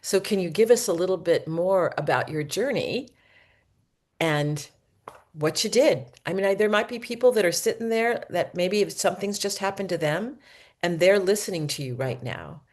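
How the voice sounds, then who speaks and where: A woman's voice: lowish voice, expressive, normal speed, a little mellow. A woman hosting a radio interview, asking encouraging questions with small restarts. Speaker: radio show host. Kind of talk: interviewing a guest.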